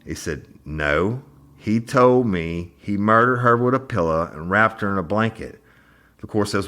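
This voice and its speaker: Male podcast host, low voice, recounts trial testimony and jumps up in pitch to act out each quoted speaker. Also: normal speed. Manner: retells courtroom exchanges, acting out quotes with lively pitch jumps. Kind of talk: true crime podcast retelling.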